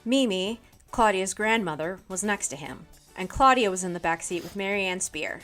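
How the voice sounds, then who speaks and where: A woman co-hosting a comedy podcast, reading a children's novel aloud with animated character voices in the dialogue. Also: mid-range voice, moderate pace, soft background music. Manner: reads narration and dialogue with animated quoted voices, often laughing.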